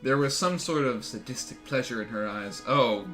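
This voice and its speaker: A male streamer with a bright, forceful voice reads a visual novel aloud. He talks in an excitable way, swearing and breaking into laughter. Faint game music plays behind him. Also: medium pitch, normal speed. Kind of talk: let's-play stream, reading game text aloud.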